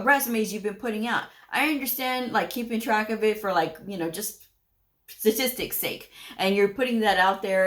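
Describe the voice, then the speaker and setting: A woman who hosts a medical coding career advice channel speaks straight to the camera in a blunt, folksy, scolding way. Her voice is a little high with a fairly bright tone.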